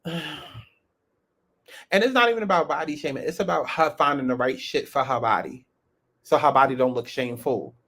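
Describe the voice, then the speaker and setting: A man's voice: fairly high pitch, fairly bright tone. A man hosting a reality-show review, talking in a blunt, sassy and profane casual commentary.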